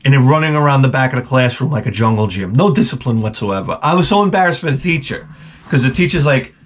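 A man's voice: mid-range voice, animated, fast. A middle-aged man from Long Island, telling a rambling, profane, sardonic story as a vlog host. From Long Island, New York. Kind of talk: casual rambling monologue.

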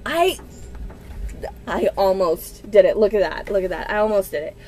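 A woman in her twenties, gushing and excitable in a casual unboxing vlog at home, with gasps and squeals. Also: medium pitch, fairly quick, a little hiss or hum. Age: 20s. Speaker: book vlogger.

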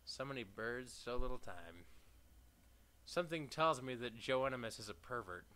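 A young man giving casual, profane gameplay commentary, reading game text aloud with sarcastic asides and sudden loud outbursts. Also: mid-range voice, expressive, moderate pace. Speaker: let's play gamer.

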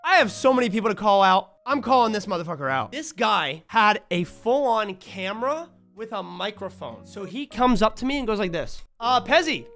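An excitable man chats through a game stream, swearing freely and letting out sudden shouts. His pitch leaps around in a lively way, with soft music running underneath him. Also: moderate pace, hardly any pauses. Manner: mimics other people in anecdotes. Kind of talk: casual gaming stream chat.

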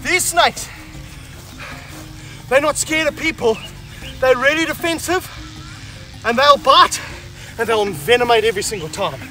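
A man presenting a wildlife vlog while handling snakes, out of breath and excited. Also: very high-pitched, a little slow, long pauses. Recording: music bed under the voice.

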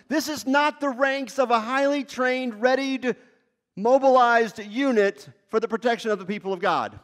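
A male lead pastor delivers a sermon at normal speed in a conversational, animated style. His pitch and loudness swing widely.

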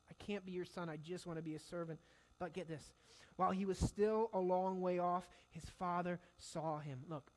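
High-voiced man preaching a lively sermon. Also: low-quality recording. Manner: animated storytelling, acting out quoted voices. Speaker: pastor. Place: church sanctuary.

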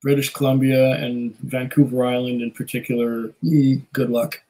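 A man's voice: mid-range voice, little pitch movement, normal speed, dark tone, poor audio. A man hosting a casual live stream, chatting loosely with many fillers and small laughs while reading viewer comments. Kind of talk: casual chat.

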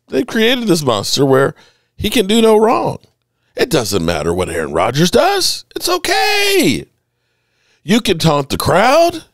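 Animated, indignant sports podcast host. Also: male voice, medium pitch, dry recording, studio quality. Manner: animated, indignant, repeats himself. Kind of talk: ranting sports commentary over game clips.

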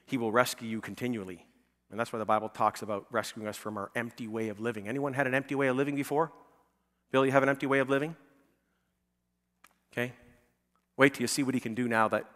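In a church sanctuary, a male pastor gives a conversational sermon, often checking in with "okay?" and "right?" and building to emphatic, pleading peaks. His voice is medium-pitched and fairly bright, wrapped in long church reverb.

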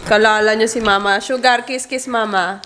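A woman's voice: on the high side, steady tone, a little fast, pushed and bright. A Filipino woman in her thirties coaxing her baby in a playful baby-talk vlog, switching between English and Filipino. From Philippines. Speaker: vlogger and mother. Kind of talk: casual family vlog. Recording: roomy home room, faint noise.

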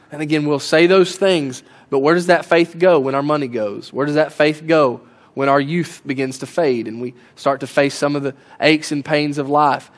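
A man preaching a Sunday sermon as a pastor, telling stories casually and building to impassioned pleas. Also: a little high. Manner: conversational preaching, rising to impassioned pleading. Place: church sanctuary.

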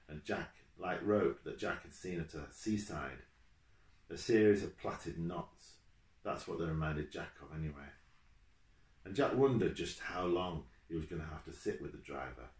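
Deep-voiced man reading a story. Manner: steady, measured storytelling. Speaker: author reading his own book. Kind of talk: reading a children's book aloud. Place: room at home, with his dog beside him. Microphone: camera for a home video. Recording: echoey room.

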